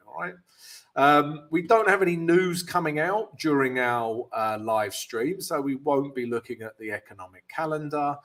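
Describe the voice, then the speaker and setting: A British man hosting a live trading stream, greeting viewers by name in a chatty, upbeat way and walking through chart analysis with frequent fillers. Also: medium pitch. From Britain.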